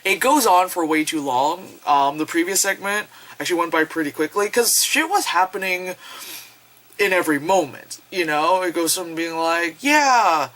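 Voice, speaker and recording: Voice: medium pitch, moderate pace, fairly bright tone, poor audio. A reviewer recapping a horror film in a casual vlog, rambling and swearing freely and acting out the characters' lines. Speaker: movie reviewer.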